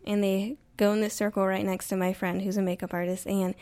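A woman's voice: medium pitch, little pitch movement, a little fast, darkish tone. Chatty young-sounding woman telling a story. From United States. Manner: chatty storytelling with frequent fillers and laughs. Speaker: podcast guest. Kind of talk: casual chat.

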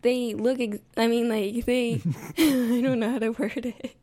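A woman's voice: on the high side, fairly even intonation, unhurried, dark tone. A woman from the United States, a podcast guest, telling a rambling story in casual chat with many fillers. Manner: chatty storytelling with frequent fillers and laughs.

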